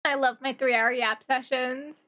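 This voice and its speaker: A woman live-streaming a game, chatting to her viewers in an animated, exasperated way and muttering to herself as she changes settings. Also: high-pitched, normal speed. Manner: animated and exasperated, talking to chat, swinging from grumbling to shrieking. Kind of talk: live-stream chat while gaming.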